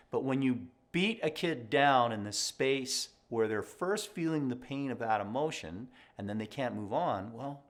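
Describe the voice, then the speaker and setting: A middle-aged man, a mindset coach, giving animated reaction commentary, often tossing in "right?" and acting out little parent and child exchanges. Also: mid-range voice. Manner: animated, conversational, frequent "right?" asides, acts out parent and child voices.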